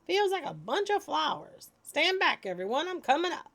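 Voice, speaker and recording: A woman's voice: sits high, very animated, moderate pace, fairly bright tone, voice pushed up, heavily acted. A woman voicing a friendly pipe worker calling up from a manhole in a children's story. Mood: hollering. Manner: hollering, then modest.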